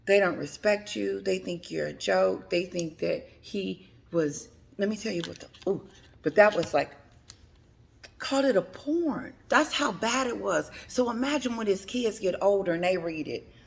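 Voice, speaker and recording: A woman's voice: mid-range voice, expressive, moderate pace, gravelly. A woman giving chatty, dramatic celebrity gossip commentary on her vlog. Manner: chatty, dramatic, laughs between remarks.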